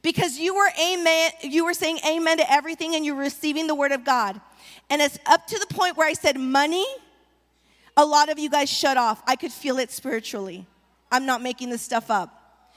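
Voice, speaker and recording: A woman's voice: high-pitched, normal speed, a bit bright. A woman preaching a sermon as the pastor's wife, rallying the congregation with call-and-response. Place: church sanctuary. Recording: long reverb of a large hall.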